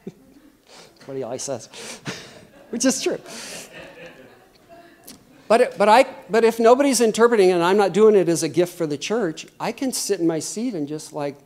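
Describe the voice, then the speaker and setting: A middle-aged man preaching a sermon in a lively, conversational way, often acting out quotes. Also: high voice, moderate pace, pauses often.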